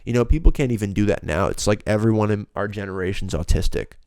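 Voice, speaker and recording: A man's voice: on the low side, quick pace, creaky, darkish tone, clean tone, dry recording. A young man hosting a solo podcast, ranting bluntly and profanely in a rambling, casual way. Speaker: podcast host.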